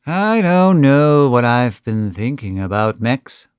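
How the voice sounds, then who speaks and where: A man's voice: mid-range voice, very animated, takes it slowly, clear, resonant tone, dry recording, studio quality. A man voicing a cold, deadly young outlaw who talks in a mild drawl. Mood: brooding.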